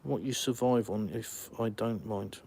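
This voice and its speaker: With a lowish, gravelly yet mellow voice and an unhurried delivery, an Englishman from the UK hosts a live stream outdoors in a village, meeting chat questions with blunt, dry sarcasm. A little hiss or hum sits under the audio.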